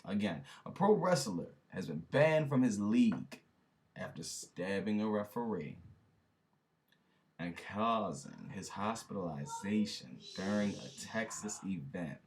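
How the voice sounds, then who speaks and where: Low-voiced man with lively pitch swings. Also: a little slow, slight background noise. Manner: incredulous, laughing, slangy, addresses viewers. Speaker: reaction video host. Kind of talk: casual reaction commentary.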